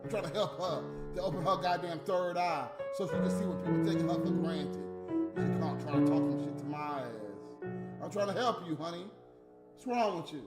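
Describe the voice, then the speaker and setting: A man ranting in profane, casual talk to his viewers, swinging from low muttering to loud outbursts. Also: moderate pace. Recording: roomy echo, faint music behind.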